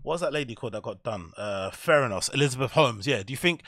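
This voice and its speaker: A man's voice: medium pitch, animated, fast talker, a bit bright, dry recording, studio quality. A man hosting a podcast, giving blunt, rambling, sweary commentary in a casual chat. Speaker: podcast host.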